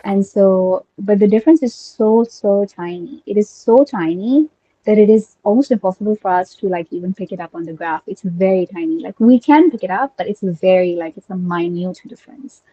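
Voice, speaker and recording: A woman's voice: mid-range voice, normal speed, mellow, no echo, muffled recording. A young woman whose first language is Urdu, talking eagerly in casual conversation and thinking aloud with many fillers and restarts. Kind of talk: casual conversation about linguistics.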